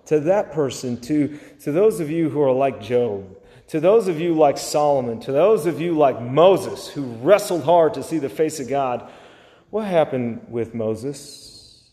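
A man's voice: a little high, lively intonation, measured pace, mellow, long reverb tail. A man preaching a sermon as a pastor, pleading and impassioned, repeating his phrases.

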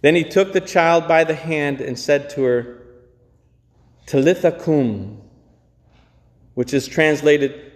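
A pastor preaching a sermon in a church, slow and emphatic with dramatic pauses. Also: male voice, a little high, lively intonation, darkish tone, big-room sound.

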